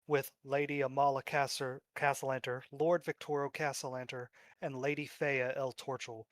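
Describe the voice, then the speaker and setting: A man narrating a tabletop role-playing game as game master in a steady, descriptive storytelling manner. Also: medium pitch, no echo.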